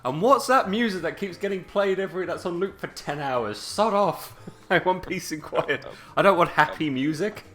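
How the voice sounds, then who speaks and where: A man's voice: sits high, moderate pace, fairly bright tone, pitched above the performer's own voice. A man putting on the voice of a grumpy young male trainer who is sick of everything. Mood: fed up. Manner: griping, exasperated.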